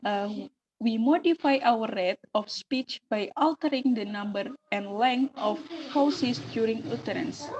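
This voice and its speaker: A young Indonesian-accented woman presents to her class slowly and deliberately, her voice sitting fairly high. She talks haltingly and slips into Indonesian to explain terms. The recording is muffled and lo-fi. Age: young adult. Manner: halting, switches between English and Indonesian to explain. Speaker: student presenter.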